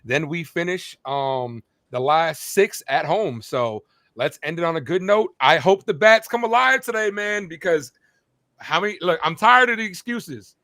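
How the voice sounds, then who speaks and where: A man's voice: fairly high pitch, animated, a little slow, bright, forceful tone, no room sound, studio quality. A man co-hosting a casual sports podcast, talking as a fired-up, rambling baseball fan. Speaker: play-by-play streamer and co-host.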